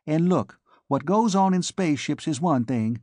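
A man voicing a proud, indignant young woman who speaks in clipped, sharp lines. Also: a little high, lively intonation, normal speed, no echo, studio quality, voice pushed up.

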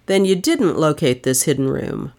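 A woman's voice: deep voice, very animated, moderate pace, warm tone. A woman reading the part of a dogged, relentless male detective in clipped, insistent questions.

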